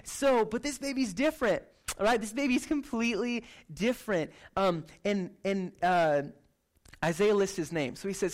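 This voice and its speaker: A man preaching a sermon in a casual, conversational way, animated and chatty, often tagging lines with "right?". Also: high voice, normal speed. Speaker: pastor.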